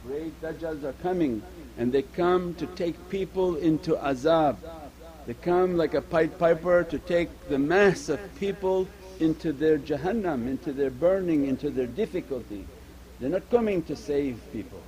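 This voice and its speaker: A man preaching an earnest Sufi sermon. His voice sits a little high but sounds mellow and soft-edged. He drives his points home through repetition and weaves Arabic religious terms into his English. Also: moderate pace, poor audio. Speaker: Sufi teacher.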